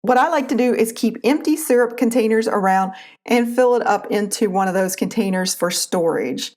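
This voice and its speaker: A woman with an Appalachian accent, calmly explaining a recipe step by step as a cooking channel host. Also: a little high, normal speed. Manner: calm, instructive, homespun. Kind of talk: recipe tutorial voice-over.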